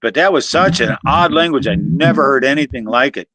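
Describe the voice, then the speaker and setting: A Southern-accented host from Florida in the US South speaks briskly in a medium-pitched, sharp-toned, animated voice, on a rough recording without echo. He hosts a casual chat, telling jokey stories and chuckling often.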